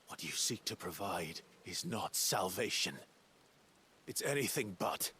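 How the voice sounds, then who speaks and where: A deep, defiant warrior hero. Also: male voice, lively intonation, measured pace, bright, forceful tone, slight background noise, full character voice. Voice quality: firm and defiant. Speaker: game character.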